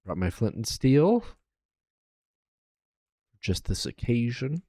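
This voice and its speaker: A man streaming a video game live, talking casually and counting quietly to himself as he builds. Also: medium pitch, sing-song, slow pace, no room sound, clean studio sound. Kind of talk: casual gameplay commentary.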